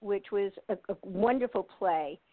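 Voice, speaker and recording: A woman's voice: medium pitch, moderate pace, dry recording. Older woman, interview guest, chatty, laughs a lot, phone-line sound, dry. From United States. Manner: chatty, laughs often, many fillers and restarts. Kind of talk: casual interview chat.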